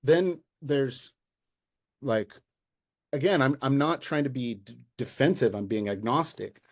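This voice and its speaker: An American man talking as a guest in a casual interview, animated and exasperated, with many restarts and fillers. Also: mid-range voice, unhurried. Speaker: local party official, guest.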